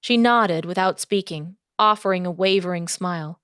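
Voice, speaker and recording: A woman narrating a historical novel audiobook in a steady storytelling voice. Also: fairly low pitch, moderate pace, clear, resonant tone, dry recording, clean studio sound.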